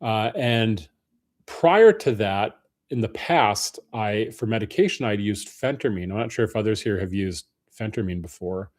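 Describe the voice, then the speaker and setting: A man's voice: lowish voice, animated, normal speed, a little mellow. A man hosting a casual live stream Q&A, greeting viewers by name in a friendly way. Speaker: livestream host.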